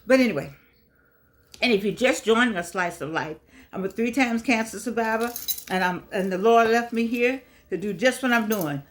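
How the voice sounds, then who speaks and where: A woman's voice: a little high, moderate pace. An older woman, hosting a casual motivational vlog with effusive, rambling talk that repeats itself, her speech shaped by missing front teeth. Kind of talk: casual chatty monologue.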